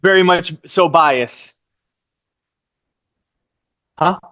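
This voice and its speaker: A man's voice: on the high side, bright, forceful tone. A man teaching a live real estate licensing class, stretching out key terms and quizzing the class. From United States. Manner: drawn-out emphasis on key terms, asks the class questions.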